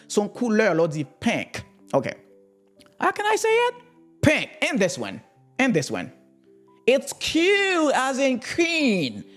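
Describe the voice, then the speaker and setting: A woman with a Haitian accent leads an alphabet lesson at a very slow, deliberate pace. Her pitch rises and falls a lot as she repeats each word. Soft music plays quietly behind her. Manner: slow, repeats words, switches between English, French and Creole. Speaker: language teacher.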